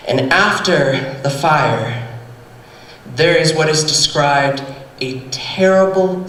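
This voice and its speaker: A man's voice: high voice, pushed and bright. A man, a pastor, retelling a Bible story with flamboyant, campy comedic asides. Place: theatre stage. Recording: echoey stage heard from far off.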